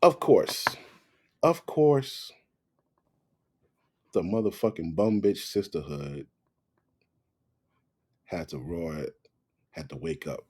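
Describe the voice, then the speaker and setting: A man hosting a reaction video, giving loud, profane, mocking commentary. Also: deep voice, slow pace, pauses often, breathy edge.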